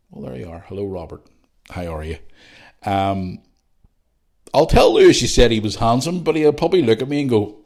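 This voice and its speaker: A middle-aged podcast host from Northern Ireland speaks with a low, creaky, slightly mellow voice at a slightly fast clip. He chats casually while reading out listener messages, adding jokey, rambling asides.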